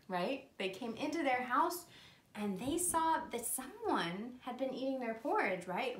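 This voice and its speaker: A woman teacher telling a story to young children, animated, with gasps and dramatic whispers. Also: fairly high pitch, measured pace. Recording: roomy echo.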